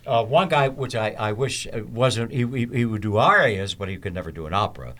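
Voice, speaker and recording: An older man from Philadelphia, a podcast host, telling stories in a halting, rambling way full of fillers. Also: fairly low pitch, lively intonation, fairly bright tone. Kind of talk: casual podcast chat.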